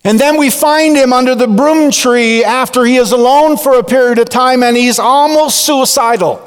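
A man preaching a sermon in a slow, deliberate way with dramatic pauses. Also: very high-pitched, smooth. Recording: long reverb of a large hall.

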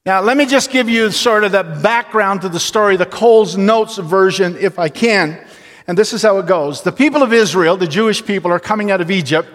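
A man preaching a sermon, telling a story casually and then slowing down and dropping low to stress his point. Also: a bit bright. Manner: storytelling, slows and drops low for emphasis. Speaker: pastor. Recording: long reverb of a large hall.

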